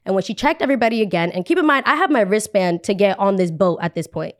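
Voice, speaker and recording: A young woman hosts a podcast and tells a personal story in a loose, casual way. She talks in an animated, chatty manner and fills her lines with "like." Her pitch sits in the middle of the usual range for women. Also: quick pace. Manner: animated, chatty, heavy use of "like". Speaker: podcast host.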